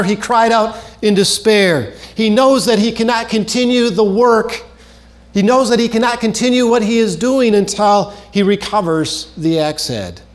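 A man preaching a sermon in an earnest way, repeating key phrases and dropping his voice low at the ends of phrases.

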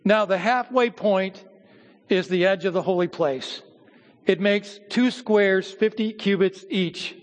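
A man preaching a sermon to his church as its pastor, teaching at a measured pace with pauses and repeated words. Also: sits high. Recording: hall reverb.

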